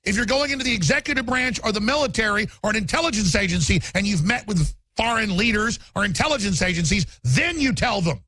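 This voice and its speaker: A male talk radio host giving rapid, mocking political commentary. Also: high voice, animated, pushed and bright, slight background noise.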